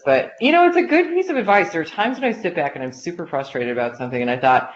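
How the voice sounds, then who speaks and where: A woman's voice: fairly low pitch, fast, few pauses. A woman executive talking as an interview guest, chatty and full of filler likes as she tells stories. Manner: chatty, many filler likes, lively storytelling. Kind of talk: casual conversational interview. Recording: dull lo-fi podcast audio with faint hiss.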